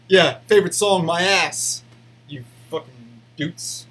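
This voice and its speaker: Rambling man with a slightly high voice. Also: takes it slowly, a bit bright. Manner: rambling, hesitant, with frequent restarts and fillers; defensive ranting. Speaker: YouTube host answering fan questions. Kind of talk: casual behind-the-scenes chat.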